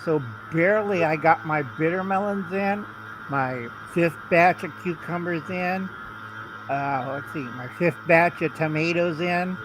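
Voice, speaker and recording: A man's voice: a little high, measured pace, background noise. A man calling into a casual live chat, rambling as he lists things off. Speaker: chat guest.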